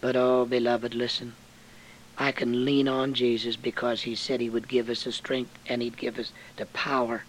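An older man preaching a sermon in folksy, homespun phrasing, swinging from low, quiet stretches to loud, high-pitched bursts. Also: flat delivery, normal speed, rough recording.

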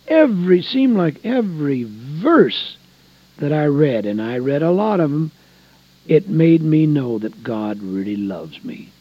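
A man preaching a folksy sermon, dropping to soft low asides and rising to emphatic points. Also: breathy edge, no echo. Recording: dull lo-fi recording.

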